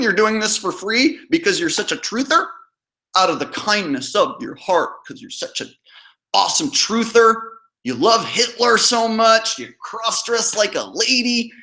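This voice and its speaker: A man's voice: high voice, bright, forceful tone. A man hosting a reaction video, mocking and sarcastic and often laughing. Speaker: host. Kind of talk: reaction commentary.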